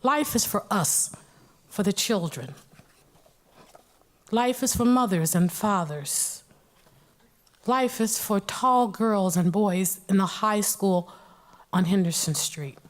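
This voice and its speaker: A woman illustrator reciting a poem and then sharing personal remarks in an earnest, measured way. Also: mid-range voice. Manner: earnest, measured, clears throat now and then. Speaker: illustrator and poetry reader.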